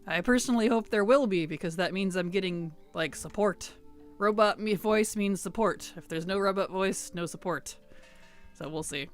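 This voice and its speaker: A woman streams a game and chats with viewers in a relaxed, rambling style, reading their messages aloud and answering them. Her voice is lowish and moves at a normal speed, with faint music in the background.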